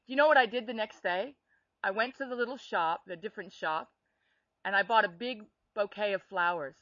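A woman telling a personal faith story in animated, conversational storytelling, laughing now and then. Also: mid-range voice, fairly quick, no echo, muffled recording. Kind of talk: faith testimony chat.

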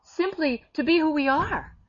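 A woman's voice: high-pitched, animated, normal speed, no echo, dull audio. Blunt, emphatic woman preaching. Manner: blunt, emphatic, rising into sharp bursts when quoting. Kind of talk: sermon-style teaching.

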